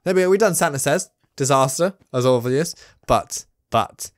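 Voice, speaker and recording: A gamer giving excitable, self-mocking commentary on a let's play. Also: medium pitch, moderate pace, dry recording, soft background music. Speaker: gaming YouTuber.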